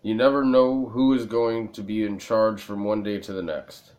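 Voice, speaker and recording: A man voicing a Turkish male informant in a video game who speaks low, hushed and slow. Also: fairly even intonation, natural voice. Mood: hushed, grave.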